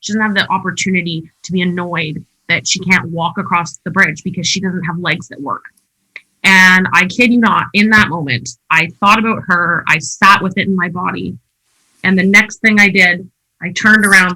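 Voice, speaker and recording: A woman's voice: fairly low pitch, fairly even intonation, normal speed, sharp tone, poor audio. A woman telling her personal story as a podcast guest, emphatic and candid, with frequent "like" fillers. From Canada.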